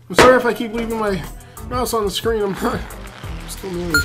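A man casually commentating a video game he is playing, excitable and profane, often yelling at the game. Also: high-pitched, fairly quick. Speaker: gaming video host. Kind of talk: casual let's-play commentary. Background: game music.

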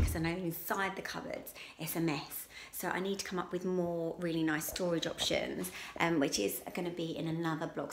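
A woman's voice: on the low side, slight background noise. A woman, chatting casually and rambling with many ums while touring her own home for a vlog. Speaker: lifestyle vlogger. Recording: echoey room at home.

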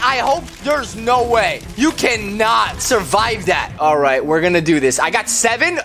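A man hosting a gaming video, joking loudly through gameplay commentary with frequent sudden yelps and screams. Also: high voice, expressive, moderate pace, few pauses. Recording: game music playing loudly underneath. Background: game music.

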